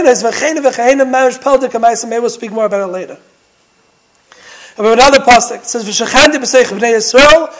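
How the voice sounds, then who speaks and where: A man with a strikingly high voice delivers a Torah lesson in the manner of a sermon. He presses his points with one rhetorical question after another. His stories build through dramatic repetition. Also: fairly bright tone, rough recording. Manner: emphatic, full of rhetorical questions. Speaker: Torah teacher.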